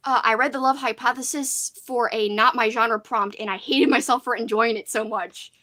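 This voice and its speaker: A woman's voice: on the high side, steady tone, normal speed, bright, forceful tone. A young woman hosting a casual livestream chat about books, talking loosely with plenty of fillers and reading out viewer comments. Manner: chatty, lots of "like" fillers, reads chat aloud. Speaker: booktube host.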